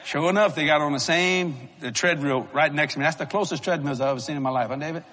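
A middle-aged man preaching a sermon, telling stories in a folksy, animated way with frequent chuckles. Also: a little high, quick pace, slight background noise. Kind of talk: storytelling sermon. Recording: reverberant large hall.

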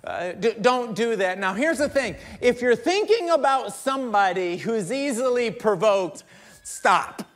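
A middle-aged male pastor preaching a conversational sermon, joking with the crowd and swinging between quiet asides and loud emphatic bursts. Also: extremely high pitch, animated, unhurried. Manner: conversational, jokes with the congregation.

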